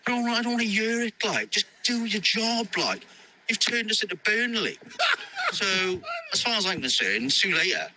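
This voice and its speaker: Bright ranting fan. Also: male voice, sits high, normal speed, a little hiss or hum, low-quality recording. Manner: animated, rambling, swears and laughs. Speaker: football fan in a voice message. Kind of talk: ranting voice note.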